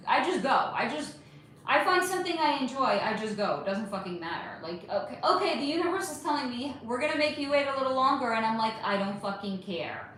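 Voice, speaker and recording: A woman's voice: fairly high pitch, a bit bright. A woman hosting a live stream, chatting casually, reading viewer comments, swearing freely and calling people honey. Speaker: livestream host. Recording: very echoey room, faint background hum.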